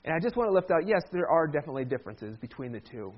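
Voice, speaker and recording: Pastor man, a touch high. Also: very animated, very fast, dull audio. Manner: conversational, with humorous asides. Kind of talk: sermon.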